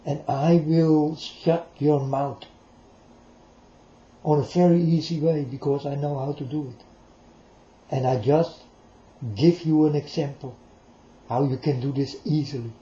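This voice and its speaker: A man's voice: a little high, steady tone, moderate pace, long pauses, mellow. A man delivering a rambling, preachy monologue straight to his listeners, repeating himself as he goes. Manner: preachy, repetitive, addresses listeners directly. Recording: roomy, dull lo-fi recording.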